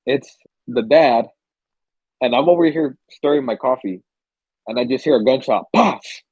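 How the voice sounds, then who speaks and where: Husky young man telling a story. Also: mid-range voice, normal speed, dry recording, muffled recording. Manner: animated storyteller, swears freely, acts out screams and gasps. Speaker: podcast co-host. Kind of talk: casual chat.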